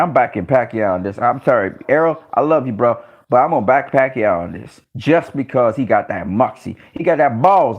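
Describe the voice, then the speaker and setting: A man hosting a live stream, reading chat and commenting casually, excitable and profane, often exclaiming and repeating himself. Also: mid-range voice, highs cut off.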